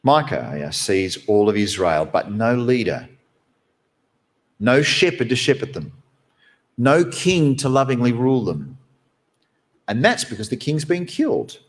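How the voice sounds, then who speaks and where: A man who is a pastor, preaching a sermon from behind the pulpit in an animated, conversational way. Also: measured pace, pauses often. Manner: animated, conversational preaching with wide swings in pitch.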